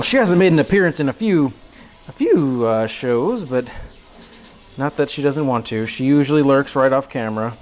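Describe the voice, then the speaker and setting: A man's voice: mid-range voice, animated, normal speed, darkish tone, soft background music, poor audio. A man hosting a cooking livestream from his home kitchen, chatting to viewers in an upbeat, slangy, self-deprecating way. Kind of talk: casual livestream chat while cooking.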